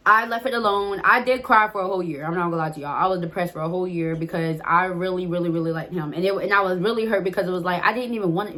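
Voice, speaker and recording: A woman's voice: on the low side, a bit bright. A woman vlogger telling a personal story to her viewers in a casual, candid way, swearing freely and talking straight to them.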